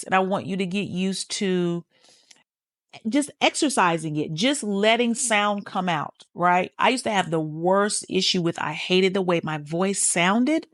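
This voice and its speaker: A woman podcast host speaks in a casual, motivational way, addressing the listener directly and swearing without hesitation. Her voice sits at an ordinary middle pitch, and the close microphone gives a dry, dead sound with no room around it. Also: lively intonation, measured pace, fairly bright tone, no echo. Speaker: podcast host, healing coach.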